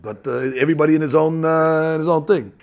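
A man's voice: fairly high pitch, fast talker, vocal fry. A man teaching a Torah class, telling stories and acting out little scenes many restarts. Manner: animated storyteller acting out scenes; frequent restarts and fillers.

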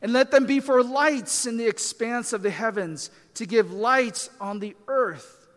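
A man's voice: very high voice, measured pace, a bit bright, long reverb tail. A man preaching a sermon as a pastor, talking in a conversational way with fillers and self-deprecating asides.

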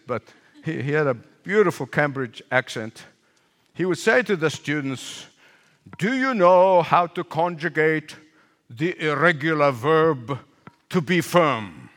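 An older male pastor preaches with an animated, lively pitch that swings high and low. He repeats phrases for emphasis and puts questions to the congregation, his slightly raised voice ringing in a long hall reverb. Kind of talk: sermon.

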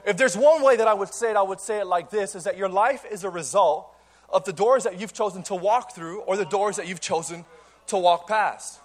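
A young man preaches to a congregation in a church hall, telling a playful story at an energetic clip. His voice sits noticeably high for a man, and he often restarts his sentences and repeats words as he goes. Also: fairly quick. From Cuban. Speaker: pastor. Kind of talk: sermon with personal story. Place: church auditorium before a congregation.

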